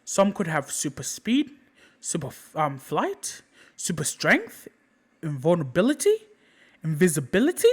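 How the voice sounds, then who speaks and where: A man narrating an improvised fan story in a casual, halting way, often repeating his phrases. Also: high-pitched, big pitch swings, low-quality recording.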